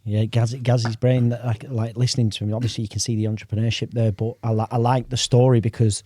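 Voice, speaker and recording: A man co-hosts a podcast in casual chat, keen and reflective, with plenty of British slang. His voice is mid-pitched and mellow. It sits close and dry on the mic. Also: level tone, a little fast, no echo. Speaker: podcast co-host.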